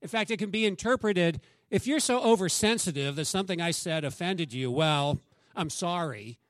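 A man's voice: sits high, expressive, moderate pace, a bit bright, no room sound, studio quality. A man, a pastor, preaching a conversational sermon and acting out quoted dialogue.

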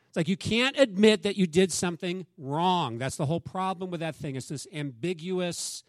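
Male pastor, higher register, conversational preaching style, dry sound. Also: moderate pace, dry recording. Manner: conversational preaching, acts out quoted dialogue. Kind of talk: sermon.

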